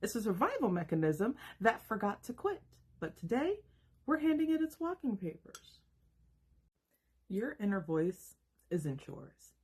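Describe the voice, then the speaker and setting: A woman in her thirties giving an emphatic, rhetorical self-help monologue with dramatic pauses. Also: mid-range voice, sing-song, a little mellow, breathy edge. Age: 30s. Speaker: self-help video host. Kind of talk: scripted motivational monologue.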